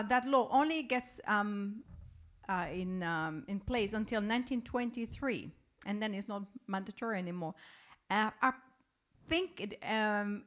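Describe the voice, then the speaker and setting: A woman's voice: mid-range voice, fairly bright tone. A woman co-hosting a casual livestream, playful and chatty, dropping Italian phrases and hesitating with ums as she recounts facts. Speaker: livestream co-host. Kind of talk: casual chat on a home livestream.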